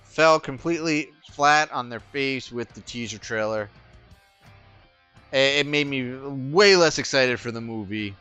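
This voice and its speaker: A man's voice: mid-range voice, measured pace, bright, forceful tone, clean tone, faint music behind. A man co-hosting a casual podcast, blunt and emphatic in his opinions. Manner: blunt, emphatic, ranting about a trailer. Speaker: podcast co-host. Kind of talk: casual chat.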